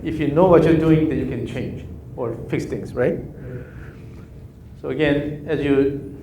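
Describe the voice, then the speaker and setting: Golf coach, male, Korean native, slow rhythmic counting cues, mellow tone, roomy echo. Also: on the high side, slight background noise. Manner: repetitive counting cues, clipped instructions. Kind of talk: live coaching session. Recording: echoey room with faint ambience.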